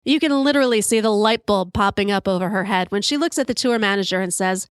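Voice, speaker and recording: A woman in her fifties hosting a podcast, telling a story in an animated, profane way and acting out the quotes. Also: medium pitch, quick pace, clean tone, dry recording, clean studio sound. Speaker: podcast host. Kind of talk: storytelling monologue.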